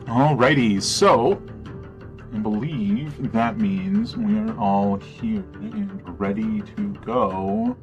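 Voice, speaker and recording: A man running a tabletop game as game master, casual and relaxed, often opening with "alrighty". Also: high voice, drawn-out words, gravelly, long pauses, dull audio, over music.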